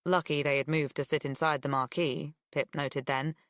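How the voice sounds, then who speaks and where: A woman narrating an audiobook with a measured, expressive reading. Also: low-pitched, dry recording, studio quality. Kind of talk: scripted narration.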